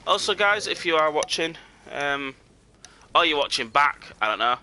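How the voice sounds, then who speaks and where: Bright, lively British man streaming a game. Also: on the high side, moderate pace. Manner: rambling, joking, talks to viewers and the game. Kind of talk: casual live-stream commentary while gaming.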